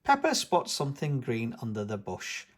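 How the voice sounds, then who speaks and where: Brief: lively male storyteller for toddlers' read-alouds, lots of pitch movement. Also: moderate pace. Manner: animated storybook narration. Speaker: channel host reading aloud. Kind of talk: children's read-aloud narration.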